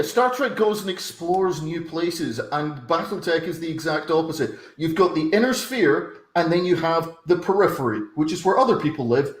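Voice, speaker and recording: Rambling comedian in an echoey room. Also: male voice, fairly high pitch. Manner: rambling, self-interrupting. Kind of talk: casual chat.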